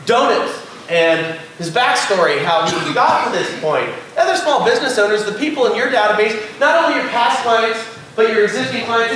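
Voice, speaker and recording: A man's voice: high-pitched, fairly bright tone. A man from California, a guest speaker at a class, telling chatty anecdotes to the room, acting out quotes and laughing often. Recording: echoey room, voice far from the mic, faint background noise.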